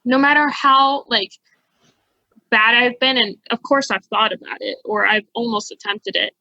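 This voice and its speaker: A woman's voice: a little high, moderate pace, sharp tone, no room sound, lo-fi sound. A woman co-hosting a podcast in casual chat, speaking earnestly. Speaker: podcast co-host.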